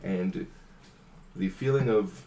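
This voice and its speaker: A man's voice: low-pitched, slow, mellow, slight background noise. A man running a tabletop game as game master, describing the scene in a dry, matter-of-fact way. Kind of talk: narrating a tabletop game over voice chat.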